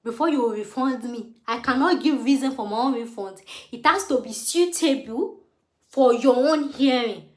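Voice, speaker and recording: A woman in her late twenties with a Nigerian English accent, retelling a story with animated, indignant emphasis and acted quotes. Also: a little high, moderate pace, reverberant. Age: 20s. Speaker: vlogger. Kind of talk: storytelling to camera.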